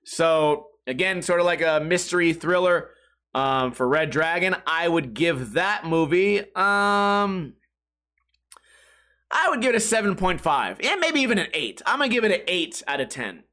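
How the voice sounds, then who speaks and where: A man's voice: on the high side, animated, a little slow, bright, forceful tone. A man hosting his podcast, rambling casually and joking with a profane streak. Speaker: podcast host. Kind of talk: casual chat.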